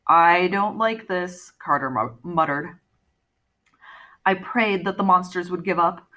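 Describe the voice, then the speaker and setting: A woman narrates an audiobook with an expressive storytelling manner. Her tone is clear and bright. Her pitch rises and falls a great deal as she acts out the characters. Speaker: audiobook reader.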